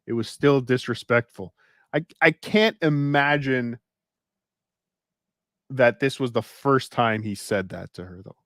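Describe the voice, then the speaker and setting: A man co-hosting a casual chat podcast at a middle pitch. He reads a story aloud and drops wry, deadpan asides, on a close, dry mic with no room sound. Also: measured pace, pauses often, no echo. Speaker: podcast co-host.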